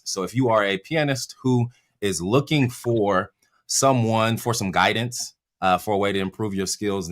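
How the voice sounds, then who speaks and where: A man's voice: fairly low pitch, fairly bright tone. Upbeat, chatty man hosting a live stream. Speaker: host of a live Q and A. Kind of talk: live-stream hosting, reading viewer questions.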